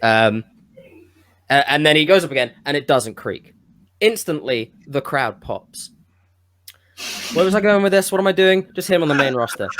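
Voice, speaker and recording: A man co-hosting a podcast, pitching a wrestling storyline in casual chat, rambling and losing his thread now and then. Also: lively intonation, moderate pace, pauses often, fairly bright tone, a little hiss or hum. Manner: rambling, self-interrupting, with bursts of enthusiasm. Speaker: podcast co-host.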